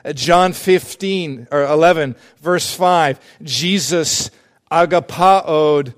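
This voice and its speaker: Slow, earnest preaching man. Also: on the high side. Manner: earnest, repeats phrases for emphasis. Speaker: pastor. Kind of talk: sermon.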